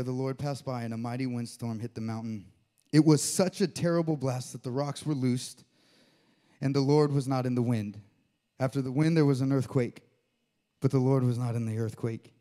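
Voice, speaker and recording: A man's voice: mid-range voice, moderate pace, long pauses, warm tone. A man preaching a sermon to his church, reading scripture and joking with the congregation. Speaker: pastor.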